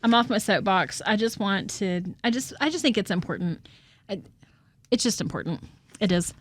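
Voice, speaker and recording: A woman's voice: mid-range voice, moderate pace. A woman co-hosting a podcast, chatty, laughing often and repeating words as she starts a thought. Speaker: co-host and real estate agent. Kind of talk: casual podcast chat.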